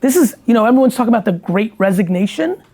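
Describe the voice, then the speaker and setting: A man's voice: sits high, animated, fast talker, vocal fry, warm tone. A man in casual conversation, talking bluntly and emphatically with lots of swearing. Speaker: guest entrepreneur.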